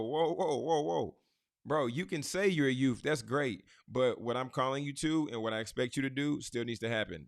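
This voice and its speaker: A man's voice: medium pitch, a bit bright, no echo, studio quality. A man hosting a podcast, teaching scripture in an emphatic, preacher-like way and speaking straight to his listeners. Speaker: podcast host.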